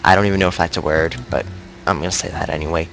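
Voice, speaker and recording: A man's voice: low voice, steady tone, racing, creaky, noisy background. A man with a cold, rambling and thinking aloud in casual commentary while he plays a video game, poking fun at himself as he goes. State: congested with a cold. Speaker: game streamer. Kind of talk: casual let's-play commentary.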